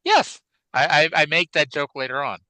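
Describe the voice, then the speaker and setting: A man's voice: a little high, big pitch swings, normal speed, pushed and bright, no echo, low-quality recording. A man co-hosting a wrestling podcast in a casual, rambling chat. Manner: chatty, rambling, with fillers. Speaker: podcast co-host.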